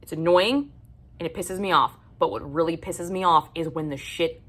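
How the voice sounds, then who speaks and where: A woman's voice: on the low side, normal speed, fairly bright tone. Profane, fed-up woman ranting. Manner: blunt, profane, exasperated ranting. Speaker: book vlogger. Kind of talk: casual ranting monologue.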